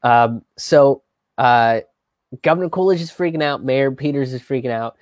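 With a mid-range voice at normal speed and no echo, this live history show host spins his tale casually. He's chatty and loose, full of fillers and restarts, swears, and acts out the quotes.

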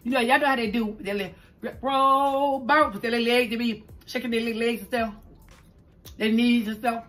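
Her voice a little high and a bit bright with a steady tone, a middle-aged New Orleans woman tells a story while eating on camera at home against a green screen. She speaks quickly in a Southern accent, stumbles over words, and addresses listeners as "child". Soft music plays in the background.

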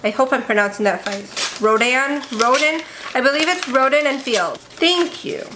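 A young woman vlogging casually as she unboxes beauty products, gushing and gasping with excitement. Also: high voice, moderate pace, background noise. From India. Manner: gushing, excitable, gasps often.

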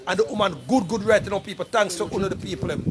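High-voiced Jamaican man making an emphatic appeal. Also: fast, a crowd in the background. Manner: emphatic, repetitive, keeps calling out to "people". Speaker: vlogger appealing for donations. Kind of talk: casual direct-to-camera appeal.

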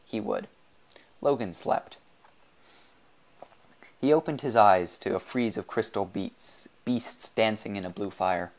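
A man narrating an audiobook in a measured, expressive reading. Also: on the low side. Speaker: audiobook reader.

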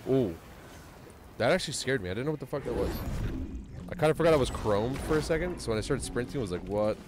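Excitable swearing male game streamer. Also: medium pitch, fast. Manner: excitable, swears a lot, yelps at surprises. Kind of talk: casual gaming stream chat. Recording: steady background noise.

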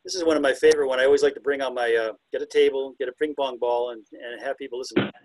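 A man's voice: medium pitch, fairly even intonation, fast, dry recording, rough recording. A man presenting a talk on identifying birds by ear, chatty and self-deprecating, now and then imitating the calls. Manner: imitates bird calls with hoots and whistles. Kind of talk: illustrated talk on bird songs.

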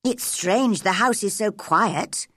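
A woman's voice: medium pitch, takes it slowly, a bit bright, no echo, studio quality. A woman voicing a spoiled, bad-tempered little girl who talks in a cross, demanding way. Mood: wondering.

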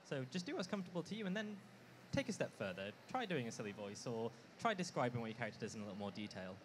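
A man's voice: mid-range voice, big pitch swings, rapid-fire. A man on a live convention panel, speaking hesitantly with many uhs. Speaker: panelist and player. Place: on stage at a comic convention panel. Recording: noisy live panel recording.

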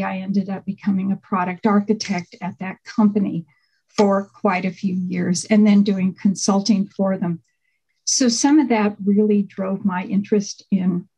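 A middle-aged woman, a faculty panelist, giving a conversational workshop talk over a video call with frequent pauses and fillers. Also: mid-range voice, a little mellow, low-quality recording. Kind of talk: online workshop presentation.

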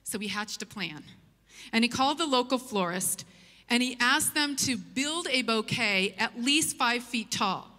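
A woman preaching to a church, telling a story with a light, humorous touch. Her voice is bright and forward, and it rings out with the long reverb of a big church hall. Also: a little high, unhurried. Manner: lively, humorous anecdote telling. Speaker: church speaker. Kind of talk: sermon storytelling. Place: church auditorium.

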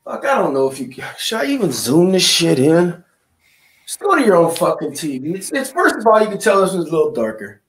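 A man's voice: sits high, big pitch swings, brisk, roomy sound, slight background noise. A man hosting a casual online chat, ranting with constant swearing, out of breath and sick. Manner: profane, ranting. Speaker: host.

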